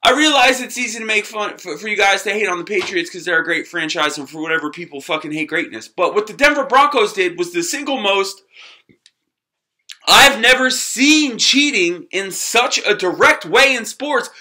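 A man with a high, very bright voice rants about sports to his camera. He swears constantly and uses street slang, and he lurches between yelling and mumbling under his breath. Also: moderate pace. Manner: swings between shouting and low muttering. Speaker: sports vlogger. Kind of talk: profane sports rant to camera.

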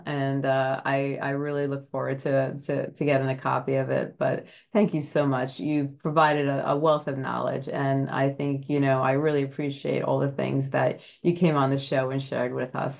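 Here the podcast host is a woman whose very deep, darkish voice carries vocal fry. She chats casually with her guest, earnest and full of admiration, wandering off track and leaning on "you know" constantly.

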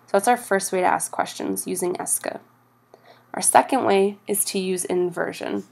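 A woman teaching French grammar over slides, patient and steady, slowing down for each example phrase. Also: mid-range voice, creaky.

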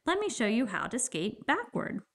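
Woman doing an eager young mouse girl, storybook ballerina, bright and keen. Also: a little high, very animated, normal speed.

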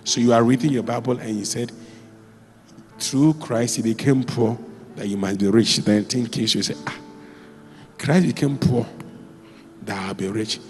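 Male pastor, animated storyteller, mid pitch, in a church hall with long reverb. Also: measured pace, pauses often. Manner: animated storytelling, with sudden jumps in pitch and volume. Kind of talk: sermon.

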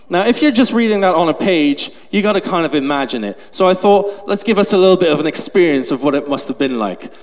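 Breathless man preaching a lively story. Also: high-pitched. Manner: animated, acts out the scene. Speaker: pastor. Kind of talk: storytelling sermon. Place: large church hall. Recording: long hall reverb, faint noise.

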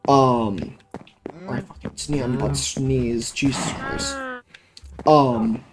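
Slowly and with fairly even intonation, a mid-range-voiced let's play gamer comments on his gameplay, rambling and swearing as things irritate him. The low-quality audio comes from a cheap home mic, and background music plays.

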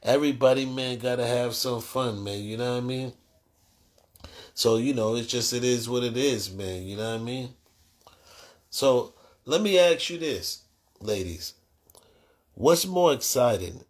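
Profane, excitable man hosting a call-in show. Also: a little slow, pauses often. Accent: Boston. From Boston area. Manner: profane and excitable, with loud high bursts; laid-back and conversational when asking questions. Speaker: host. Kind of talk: live call-in talk show.

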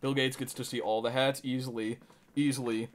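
A man livestreaming a video game, chatting to viewers in a jokey, excitable and profane way. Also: medium pitch, fairly quick. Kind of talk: casual gaming livestream chat. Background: game music.

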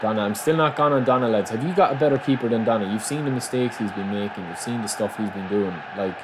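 A man giving excitable live commentary on his own football video game, reacting aloud and calling his viewers lads. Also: lowish voice, fast talker, crowd noise. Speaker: gaming channel host. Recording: noisy game sound mix.

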